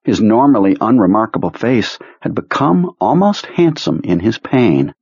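A male narrator reads a novel aloud in a measured, dramatic way. His low, husky voice is close and dry. The recording sounds muffled and lo-fi. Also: sing-song, darkish tone, dry recording. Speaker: audiobook narrator. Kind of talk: scripted narration.

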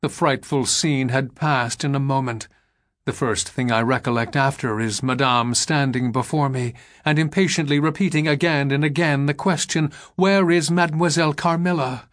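A man with a mid-range voice narrates a gothic tale as an audiobook reader. The scripted storytelling is measured and expressive.

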